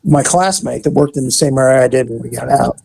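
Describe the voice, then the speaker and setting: A man and former police officer, telling a story in a casual, animated way and acting out the voices in it. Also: mid-range voice, quick pace, creaky, husky, no room sound. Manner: animated, acts out voices in his stories.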